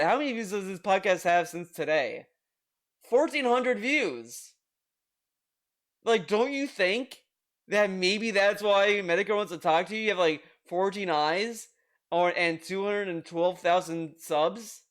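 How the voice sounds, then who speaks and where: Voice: medium pitch, animated, measured pace, a bit bright. A streamer giving exasperated, ranting commentary on a video, swearing freely. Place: home streaming room.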